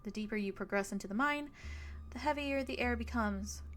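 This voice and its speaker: A woman streamer reading a visual novel aloud in an even, story-telling way. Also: fairly high pitch, brisk, faint music behind.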